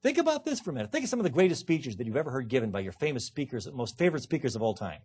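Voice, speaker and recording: A man gives a law lecture to a live audience, with punchy, emphatic delivery and dry self-mocking asides. His voice is husky and mid-pitched. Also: sing-song, rapid-fire, darkish tone. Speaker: law professor. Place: lecture hall.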